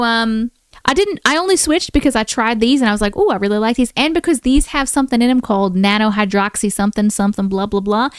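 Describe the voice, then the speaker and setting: A woman's voice: fairly high pitch, clean tone, dry recording, studio quality. A woman hosting a casual live stream, chatting and thanking viewers by name while keeping up a playful put-on accent. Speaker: livestream host.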